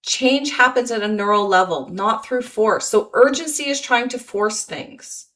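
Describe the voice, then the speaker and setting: A woman's voice: fairly high pitch, measured pace, fairly bright tone. A woman presenting a motivational webinar, encouraging and repeating key phrases, reading chat comments aloud over a video call.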